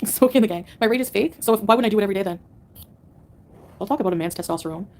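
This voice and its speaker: Fast-talking woman ranting sarcastically. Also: medium pitch, a little mellow. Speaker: livestreamer answering chat. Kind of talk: live-stream rant to chat.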